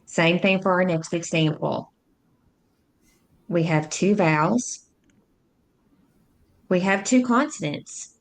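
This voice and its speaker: A woman tutor narrating a phonics lesson, speaking slowly and clearly as she sounds out words and syllables. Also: fairly low pitch. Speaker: reading tutor.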